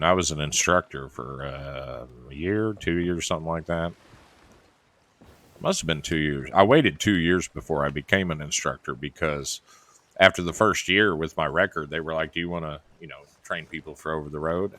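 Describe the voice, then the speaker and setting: A man's voice: very deep voice, pushed and bright. A man with a Southern accent telling rambling, wry trucking stories while chatting over a game. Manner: drawling storyteller, chatty and wry. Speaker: streamer and former truck driver. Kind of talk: casual gaming chat and storytelling.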